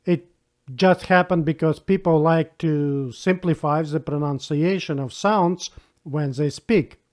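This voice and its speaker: Guy teaching a beginner lesson, slightly high voice, talks slow and patient. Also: darkish tone. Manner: patient, spells out rules and repeats example words. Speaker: language teacher. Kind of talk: slow spoken language lesson.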